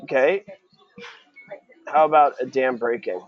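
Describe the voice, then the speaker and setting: A man's voice: mid-range voice, a little slow, dry recording, highs cut off, soft background music. A man tutoring a student for a real estate exam in a casual question-and-answer session, quizzing and encouraging.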